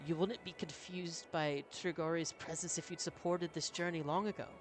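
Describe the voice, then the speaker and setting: A man's voice: on the high side, fairly even intonation, moderate pace, soft background music. A man reading a story game aloud as a streamer, with casual, self-mocking asides.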